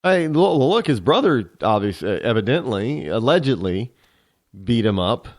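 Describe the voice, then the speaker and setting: A man's voice: medium pitch, big pitch swings, moderate pace. A man hosting a talk radio show, delivering a sarcastic, rambling opinion monologue full of restarts and fillers.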